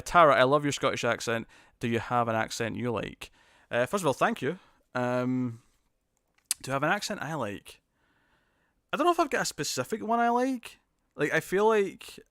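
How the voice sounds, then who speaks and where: A man's voice: medium pitch, fairly bright tone, dry recording, clean studio sound. A British man hosting a live stream, chatting casually through viewer comments in a rambling, hesitant way, often restarting and chuckling.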